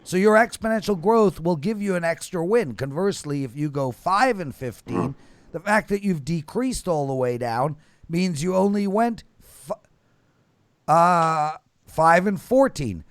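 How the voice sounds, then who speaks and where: A man hosting a casual betting panel show, lecturing listeners with emphatic swings between loud bursts and low mumbles. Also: lively intonation, unhurried, no echo. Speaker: show host.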